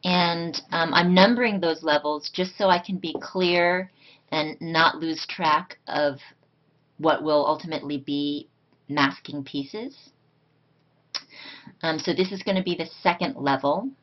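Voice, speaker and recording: A woman's voice: low-pitched, a little slow, dull audio. A woman hosting a card-making tutorial, talking in a reflective, casual way with frequent ums. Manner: reflective, many ums, soft-spoken.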